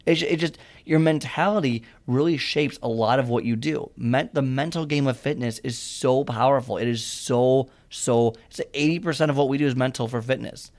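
A man's voice: medium pitch, moderate pace, few pauses, a little mellow. Earnest rambling man giving fitness advice. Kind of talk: casual motivational monologue.

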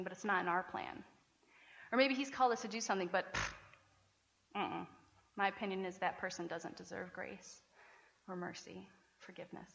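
A woman pastor preaching a sermon in a chatty, animated way, often laughing between points. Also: medium pitch. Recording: reverberant church hall.

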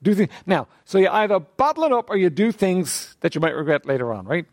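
A man leading a church group in a conversational talk on faith, asking questions of the group and often clearing his throat. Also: sits high, big pitch swings, brisk, dry recording.

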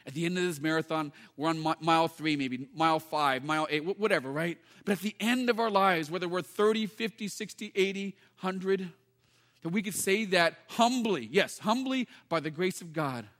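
A male pastor with a notably high voice, preaching to his church. He talks earnestly and casually and keeps asking questions and answering them himself. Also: moderate pace, fairly bright tone. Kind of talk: sermon.

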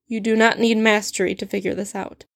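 A woman's voice: mid-range voice, little pitch movement, a little fast, gravelly, no room sound, clean studio sound, close to an everyday voice. A woman reading a story aloud, voicing a stern, sardonic male potions professor who speaks in a cold, clipped and cutting way. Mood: cold, scornful.

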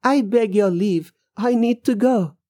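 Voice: mid-range voice, unhurried, warm tone, no echo, clean studio sound, voice pushed up, natural voice. A storyteller playing a nervous man who raises his voice to press a stranger with urgent questions. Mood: anxious, urgent. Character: startled man confronting a stranger at night.

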